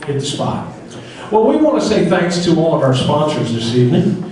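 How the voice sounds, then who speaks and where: A man's voice: on the high side, sing-song, normal speed, a little mellow, far from the mic. Folksy man emceeing in an echoey hall. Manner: folksy, joking, upbeat. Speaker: master of ceremonies. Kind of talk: emcee banquet speech with a told joke. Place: banquet hall. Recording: echoey banquet hall, mic heard from afar.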